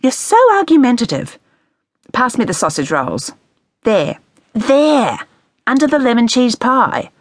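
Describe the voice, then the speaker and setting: Bossy, scolding older mother, voiced by a woman narrator: raised, brisk pitch, close dry audiobook sound. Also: sing-song, no room sound. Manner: scolding, dismissive.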